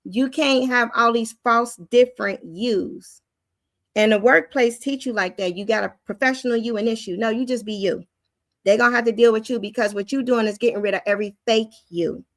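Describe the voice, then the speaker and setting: A woman with a fairly high voice teaches in a loose, conversational way, plain-spoken and animated. The sound is dry and close, with no room around it. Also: moderate pace, no room sound. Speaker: Christian teacher and host.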